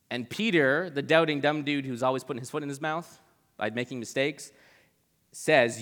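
A man giving a casual, joking Bible talk, acting out the people in the story in quick voices. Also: medium pitch, expressive, a bit bright, long reverb tail.

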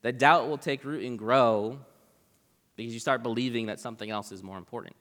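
A young preacher talks through a Bible passage in a loose, conversational way, full of "like" and quick asides. His voice sits at an ordinary middle pitch for a man. A long reverb trails behind him, as in a large hall. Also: a bit bright. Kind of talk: casual Bible teaching.

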